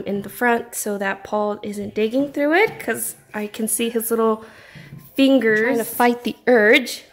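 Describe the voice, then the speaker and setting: A woman, gushing as she unboxes crafts in a casual home vlog. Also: a little high. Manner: effusive, gushing. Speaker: craft vlogger.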